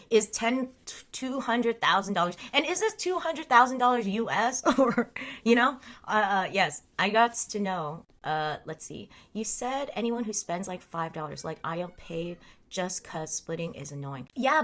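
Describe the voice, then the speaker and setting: A woman in her thirties hosts a casual livestream in a slightly bright, mid-range voice. She reads the chat aloud, speaks frankly and chattily, and laughs often.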